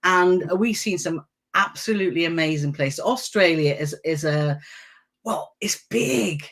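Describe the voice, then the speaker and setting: A woman's voice: low-pitched, a little slow. Chatty woman on a live stream. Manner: chatty, enthusiastic, reads out viewer comments. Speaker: travel vlog co-host. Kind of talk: casual live stream chat.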